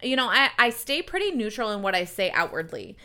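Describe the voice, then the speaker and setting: A woman's voice: mid-range voice, big pitch swings, a little fast, sharp tone. A young woman guest on a podcast, chatting candidly and animatedly, acting out quoted talk. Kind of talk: casual chat.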